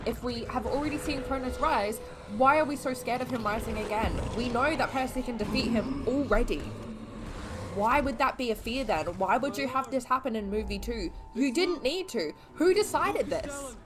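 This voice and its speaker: A young Australian woman reacting to films, exasperated and swearing as she yells at the screen. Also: fairly high pitch, normal speed, noisy background. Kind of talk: casual reaction commentary. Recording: film audio playing behind.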